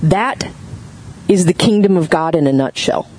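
A woman pastor giving a sermon, telling a story in a conversational, animated way and asking the audience questions. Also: fairly low pitch, moderate pace, breathy edge, low-quality recording.

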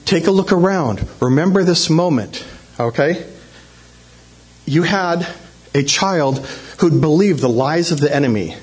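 A man with a fairly high voice tells a personal story to a congregation. He is animated and acts out shouts in a raised voice. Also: measured pace, pauses often. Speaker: church speaker telling a testimony.

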